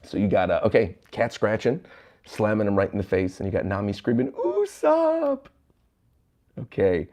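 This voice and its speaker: A man with a fairly low voice reacts to a new manga chapter on a livestream from a hotel room. He reads the panels aloud and chuckles often as he goes. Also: steady tone, fast, darkish tone.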